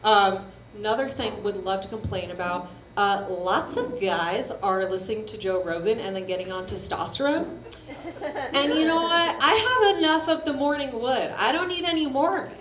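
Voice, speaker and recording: A woman does a stand-up set at a coffee shop comedy venue, her voice on the high side, expressive and a bit bright at a moderate pace. She's brash, chatty and profane and laughs at her own jokes, with audience laughter in a roomy live stage recording.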